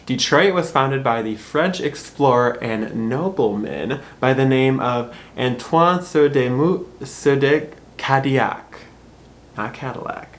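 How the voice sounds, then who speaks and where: A man's voice: mid-range voice, slight background noise. A man with a Michigan accent, from Michigan, chatting casually to camera as a vlog host and laughing often at his own points. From Michigan, USA.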